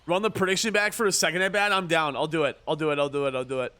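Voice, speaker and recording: A man's voice: on the high side, fairly even intonation, racing, pushed and bright, clear, resonant tone. A man streaming a baseball video game, joking and ribbing his chat in casual commentary. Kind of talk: casual livestream gaming commentary.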